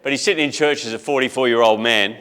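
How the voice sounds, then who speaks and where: A man's voice: mid-range voice, fast, fairly bright tone, clean tone, in a large hall. A middle-aged man, telling a story in a casual, conversational talk full of asides. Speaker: speaker.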